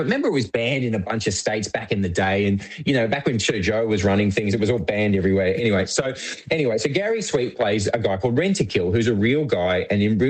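An Australian man, a writer and director, chatting as a guest and telling lively anecdotes. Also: lowish voice. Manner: animated storyteller. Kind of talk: casual chat.

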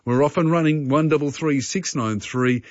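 A man with an Australian accent hosting early-morning talk radio in a relaxed, chatty manner with many fillers. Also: fairly high pitch, moderate pace, no room sound. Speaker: radio show host. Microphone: studio mic. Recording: dry, slightly dull broadcast.

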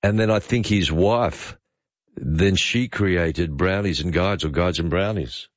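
A jovial Australian man hosting talkback radio with a low voice. He chats with callers and sprinkles in trivia, sounding dry and close with slightly dull broadcast audio. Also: slow pace, dry recording. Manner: chatty, jovial, trivia-loving. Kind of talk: casual talkback radio chat.

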